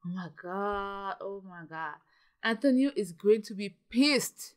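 A young woman giving dramatic, excitable commentary while playing a life-simulation game, often gasping and exclaiming. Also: medium pitch, a little slow. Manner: dramatic, gasps and exclaims, ends points with "okay?". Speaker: gaming YouTuber.

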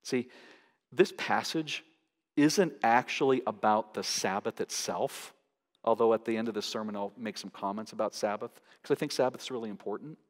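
A man preaching a sermon as pastor, emphatic, pushing his pitch up sharply to stress each point. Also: moderate pace. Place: large church sanctuary. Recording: long hall reverb.

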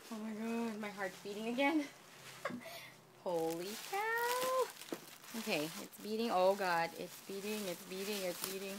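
A woman's voice: medium pitch, animated, unhurried, heavy background noise. A woman unboxing craft gifts on her vlog, gushing and breathless, gasping and whispering in awe, hot and catching her breath. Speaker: vlogger opening a craft swap package.

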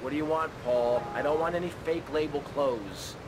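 A man's voice: a little high, moderate pace, noisy background, close to an everyday voice. A man playing an exasperated tough gangster. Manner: gruff, exasperated, snapping. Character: tough, irritable male gangster lead. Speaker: game protagonist. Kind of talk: video game cutscene voice acting.

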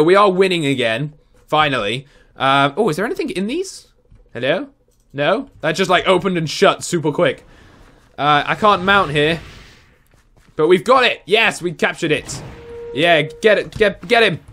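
A young man from England giving excitable, jokey live commentary over his own gameplay as a video host. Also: sits high. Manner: excitable, jokey, often shouting and laughing. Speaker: gaming YouTuber.

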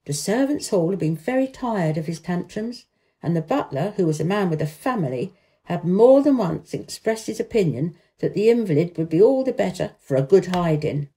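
Expressive woman reading a storybook. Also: on the low side, moderate pace. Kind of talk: reading a children's classic aloud.

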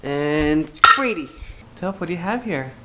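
Man, 30s, daily family vlogger; casual and chatty on a camera mic, steady hum of background noise behind him. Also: fairly high pitch, measured pace. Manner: chatty, upbeat, thinks out loud. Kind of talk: casual vlog talk to camera.

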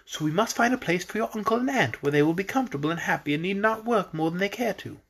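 A gentle fairy girl ruler from a storybook, as a man reading aloud puts her on. She speaks graciously and formally, higher than his own voice, with a breathy softness and a lilting, lively pitch. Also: fast, full character voice.

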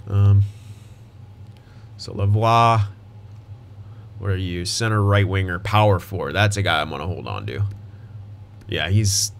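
A man's voice: fairly low pitch, a little hiss or hum. A young man giving casual gameplay commentary as a gaming YouTuber, thinking aloud and restarting his sentences, with hiccups and voice cracks.

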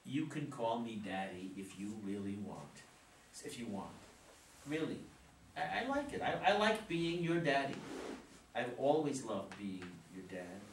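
A man playing a flustered but loving father in a community play reading, fumbling for words and then soft and soothing, recorded from a distance in a roomy space. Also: medium pitch, big pitch swings, unhurried. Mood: tender. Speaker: actor in a community reader's theater. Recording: roomy, distant mic with faint noise.

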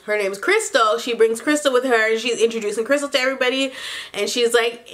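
Bright, lively woman gossiping. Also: fairly high pitch, moderate pace. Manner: animated, gossipy, laughs often, profane. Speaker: TV recap vlogger. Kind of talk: casual reality TV recap.

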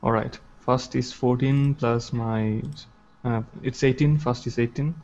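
A man's voice: medium pitch, fairly even intonation, a little slow, darkish tone. Male player, hesitant, repeats himself, dull lo-fi sound. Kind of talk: in-character roleplay. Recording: dull lo-fi online audio.

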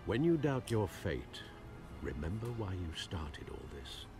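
An actor playing an elderly male butler in a video game, speaking in a measured, gentle, lecturing way. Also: sits low, sing-song, creaky, music in the background, heavily acted. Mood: concerned.

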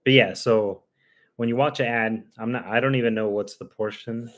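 A man's voice: steady tone, moderate pace. A man hosting a casual live stream, chatting and laughing often with friends. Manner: laughing often, coaxing pets in a high voice.

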